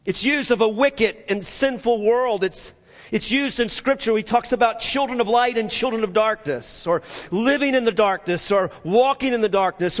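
High-voiced preacher in a reverberant hall. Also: male voice. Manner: dynamic preacher, swinging from loud emphasis to hushed low tones. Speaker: pastor. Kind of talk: sermon. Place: church sanctuary. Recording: long reverb in a large hall.

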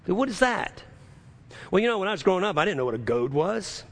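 Brief: male pastor, higher-pitched and gravelly, emphatic sermon delivery with lots of rhetorical questions. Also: lively intonation, brisk.

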